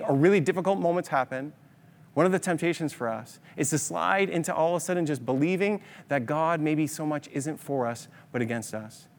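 Man preaching in an echoing hall. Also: on the high side. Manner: animated storytelling, rhetorical questions. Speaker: pastor. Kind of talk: sermon. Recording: long hall reverb.

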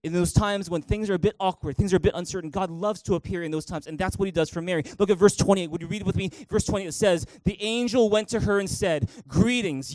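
A young man preaching a sermon as pastor in a church, animated and acting out the people he quotes. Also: sits high, no room sound, rough recording. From Canada. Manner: animated, acts out quoted voices.

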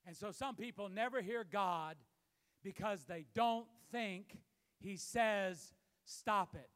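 A man preaching a sermon as pastor, building to shouted emphasis, recorded in a church. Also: high-pitched, slow pace, clean tone. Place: church sanctuary. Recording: long hall reverb.

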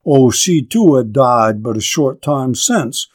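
Man reading a young village mother, plain-spoken, matter-of-fact, unhurried storybook voice. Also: mid-range voice, lively intonation, darkish tone. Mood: wistful.

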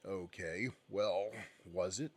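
A man's voice: low-pitched, takes it slowly, a little mellow. A man co-hosting a podcast with dry, sarcastic asides in casual banter. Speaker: podcast co-host.

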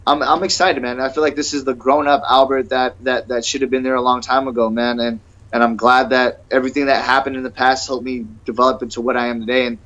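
A young fighter appearing as a podcast guest speaks quickly in a level, medium-pitched, slightly bright voice. He rambles eagerly through the casual interview, dropping "bro" and "man" constantly, and the recording sounds dull and lo-fi.

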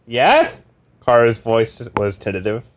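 A man's voice: on the low side, normal speed, fairly bright tone, a little hiss or hum. A man co-hosting a comedy podcast, trading teasing, wry banter and narrating a book aloud. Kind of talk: casual banter and reading aloud.

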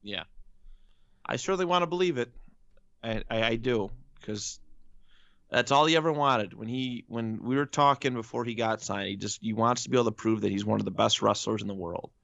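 A man with a low, gravelly voice talks in loose, casual chat. He leans on emphatic points and rhetorical questions. The recording is dry and a little dull and lo-fi. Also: normal speed, a bit bright, no echo.

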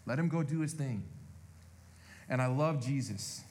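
A pastor preaching a conversational sermon, speaking to the congregation directly and animatedly. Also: male voice, mid-range voice, a little slow, a little mellow.

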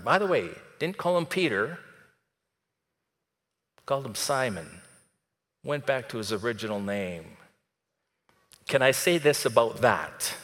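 A man preaching a sermon in a conversational way, dropping soft and then rising to emphatic. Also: mid-range voice, big-room sound. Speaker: pastor.

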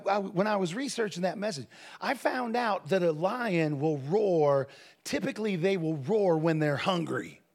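A man preaches in a high, ringing voice. He talks casually between points, then stretches words out and shouts his emphasis with fervent conviction. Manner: builds from conversational to shouted preaching. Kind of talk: sermon.

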